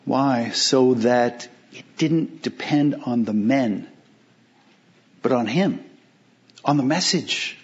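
With a medium-pitched voice captured in dull audio, a pastor gives an emphatic sermon. He asks rhetorical questions and lingers slowly over the key phrases.

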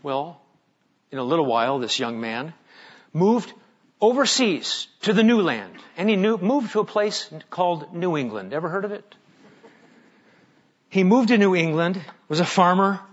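A male pastor preaching a sermon, telling stories dramatically and swinging from hushed, slow lines up to loud, emphatic ones. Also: high-pitched, lo-fi sound.

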